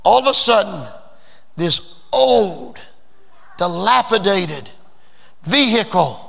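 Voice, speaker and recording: Man, pastor, sermon, storytelling, fervent shouting, gravelly, high-pitched. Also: in a large hall.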